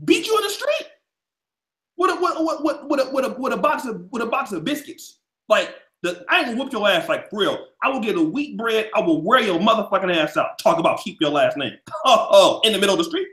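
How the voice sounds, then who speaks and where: A man ranting loudly and crudely on a podcast, boasting and shouting, then dropping to a mutter. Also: sits high, expressive, quick pace, echoey room. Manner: loud, profane, boastful, swings from shouting to muttering. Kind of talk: heated casual podcast rant.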